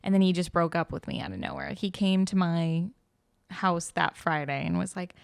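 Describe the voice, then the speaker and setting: A woman's voice: fairly low pitch, sing-song, normal speed, creaky, clear, resonant tone, dry recording, clean studio sound. A woman co-hosting a podcast, casually telling a personal story, peppering it with "like" and acting out what people said. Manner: chatty, heavy use of "like", acts out quoted dialogue. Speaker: guest co-host.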